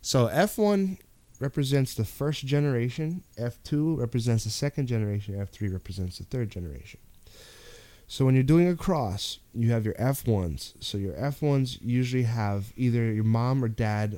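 A man's voice: medium pitch, moderate pace, dark tone, no echo. A laid-back man, talking casually as the grow expert on a podcast, often saying "dude".

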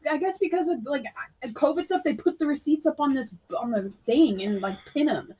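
Soft-spoken, giggly young woman. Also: sits high, lively intonation, fairly quick, a little hiss or hum. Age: young adult. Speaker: guest. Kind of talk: casual family chat.

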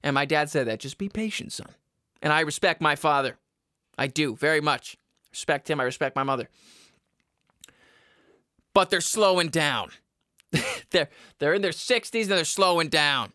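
A man's voice: fairly high pitch, normal speed, long pauses, pushed and bright, dry recording, clean studio sound. A young man hosting a podcast, talking in a casual, exasperated rant with swearing and frequent laughs. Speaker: podcast host. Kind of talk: casual ranting monologue. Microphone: headphones.

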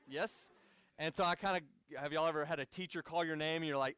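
High-voiced American man preaching. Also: fairly quick, a bit bright, clean tone, no echo, clean studio sound. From United States. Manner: conversational storytelling with asides to the audience. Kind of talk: sermon.

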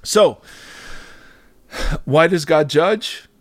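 A middle-aged man and pastor talking through faith in an earnest, animated conversational way, often restarting his sentences. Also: fairly high pitch, extremely slow, no echo.

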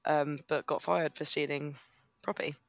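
A man co-hosting a podcast, chatting crudely with lots of "like" and quick reactions. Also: a little high, flat delivery, vocal fry, fairly bright tone, a little hiss or hum. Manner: crude, reactive, says "like" a lot. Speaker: podcast co-host. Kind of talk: casual chat.

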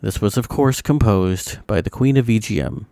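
A man hosting a podcast in casual chat, relaxed, laughing easily and using many fillers. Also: lowish voice, normal speed, no echo, studio quality. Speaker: podcast host.

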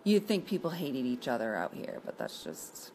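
A woman talks in a loose, rambling way. Her voice is low and full of vocal fry, and she is blunt, swearing here and there. Faint room noise sits under her voice. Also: huge pitch swings, moderate pace, a little mellow, poor audio. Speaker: vlogger presenting a coloring page. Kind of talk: casual chat.

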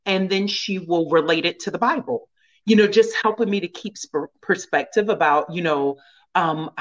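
A woman's voice: lowish voice, muffled recording. A woman guest in a casual conversation, speaking earnestly about faith and often laughing.

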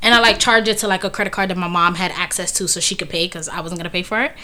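A woman in her thirties telling dating stories in casual chat, animated, laughing and swearing freely. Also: on the low side, very fast, a crowd in the background. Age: 30s.

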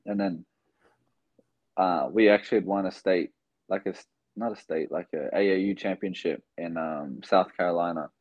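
A man's voice: sits low, normal speed, darkish tone, no echo, lo-fi sound. A young man from Australia with an Australian accent, telling stories as a guest in a casual interview, full of fillers. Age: young adult. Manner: rambling, filler-heavy storytelling. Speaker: guest, basketball player.

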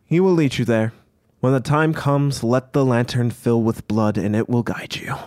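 A man's voice: medium pitch, moderate pace, darkish tone, no room sound, studio quality, lightly acted. A man voicing a stern, formal male quest-giver in a tabletop game. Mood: cryptic.

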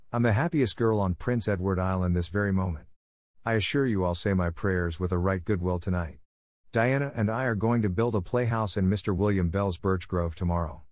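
A man voicing an excitable, chatty orphan girl who gushes eagerly and breathlessly. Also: on the low side, brisk, no room sound, studio quality, lightly acted. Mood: gushing.

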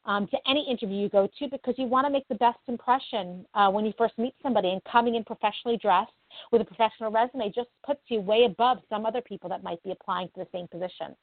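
A woman's voice: mid-range voice, fast talker, no echo. A woman from New Jersey, a guest on an interview, who answers modestly and gives earnest advice. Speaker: interview guest, nonprofit founder. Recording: dry, tinny phone-like line.

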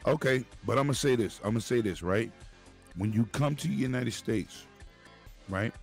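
Over music, a Brooklyn man with a New York accent loudly argues a point in casual, profane group banter, cutting in to keep the floor. His voice is medium-pitched and his pace moderate.

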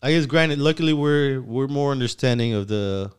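A man's voice: medium pitch, normal speed, clean tone. A man in his thirties co-hosting a casual talk show, laid-back and rambling with lots of "you know" and "right?", now and then slipping into Spanish slang. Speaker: podcast co-host. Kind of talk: casual chat.

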